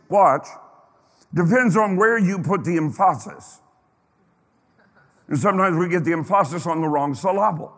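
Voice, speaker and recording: The pastor's voice sounds a little high and a bit bright here, expressive, at a measured pace with long pauses. He preaches with emphasis to his congregation, drawing out phrases and peppering them with questions, and the church sanctuary echoes around him.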